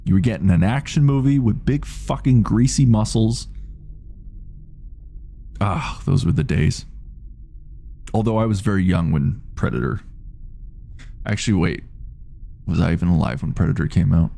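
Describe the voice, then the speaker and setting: A man's voice: on the low side, expressive, moderate pace, creaky, long pauses, dark tone. A man in his late thirties chatting casually on a game live stream, rambling, swearing freely and reading out chat messages. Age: 30s.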